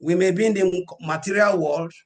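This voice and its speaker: A man preaching a scripture class, measured and emphatic, quoting verses. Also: high voice, steady tone.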